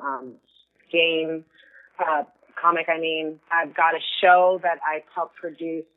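A woman's voice: deep voice, level tone, slow pace. Earnest woman on a phone line. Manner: earnest, effusive, rambling. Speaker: guest. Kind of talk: casual chat.

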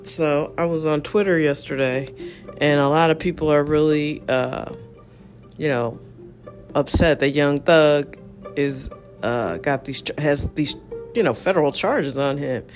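A man's voice: a little high, measured pace, soft background music. A man hosting a casual solo podcast, talking in a rambling, frank way full of fillers. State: yawning, relaxed. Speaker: podcast host.

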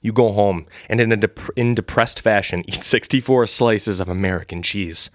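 A man's voice: on the low side, normal speed, no echo, studio quality. A man casually reading an AI-written adventure story live for the first time, laughing at it along the way. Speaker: storyteller and host.

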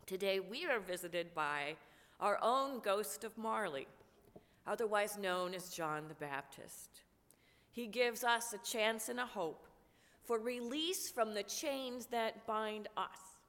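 A woman pastor preaching a sermon while fighting a cold, in a slow, measured, prayerful way. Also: medium pitch, animated, fairly bright tone. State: has a cold, coughing. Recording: long church reverb.

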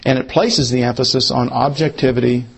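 A man with a gravelly, husky voice teaches a Bible lesson. He goes over each point more than once at a slow, careful pace, as if giving his class time to write it down. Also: medium pitch, steady tone. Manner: repeats key points slowly, as if for note-taking. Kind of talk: Bible study lecture.

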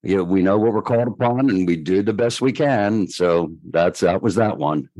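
Older male guest, low voice, animated raconteur, dry close sound. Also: normal speed, no echo, highs cut off. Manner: lively storyteller who acts out quoted voices. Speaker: guest choreographer. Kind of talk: storytelling in a podcast interview.

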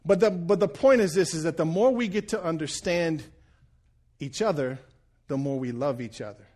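A man's voice: a little high, normal speed, a little mellow. A man in his forties preaching a sermon, folksy and joking, often checking in with the congregation. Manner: folksy storytelling with jokes and audience check-ins. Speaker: pastor.

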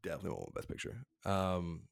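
A man's voice: low voice, very animated, quick pace, vocal fry. A man co-hosting a casual podcast, bantering playfully with his co-hosts. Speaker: podcast co-host. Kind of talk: casual chat.

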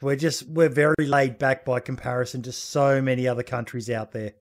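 A man's voice: medium pitch, steady tone, fairly quick. A man with an Australian accent co-hosting a casual chat show, laid-back and sweary, rambling with fillers. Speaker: podcast co-host.

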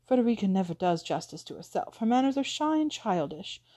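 A polished, self-justifying aristocratic widow, as a woman reads her aloud, voice mellow and even. The delivery is suave and persuasive, in a classic novel audiobook. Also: medium pitch, a little fast. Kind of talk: audiobook reading.

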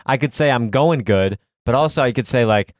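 A man's voice: medium pitch, a little fast, no room sound. A young man co-hosting a podcast in casual chat from his bedroom studio, playful and rambling. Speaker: podcast co-host. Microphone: studio mic.

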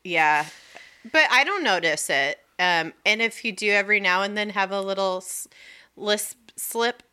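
Bright-voiced chatty woman podcast host. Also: medium pitch, unhurried, clear, resonant tone. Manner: chatty, rambling, laughs easily. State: pregnant. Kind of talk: casual chat.

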